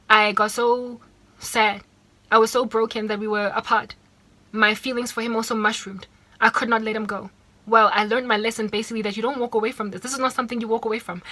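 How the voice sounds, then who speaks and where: Speaking in a sharp, fairly high voice, this woman from South Africa shares a personal story on her vlog in her South African accent. She gets emotional and repeats herself while quoting the people involved.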